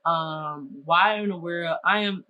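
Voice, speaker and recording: A young adult woman from Minnesota telling a storytime vlog in a lively, exasperated way, full of casual slang. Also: on the low side, slow pace, highs cut off.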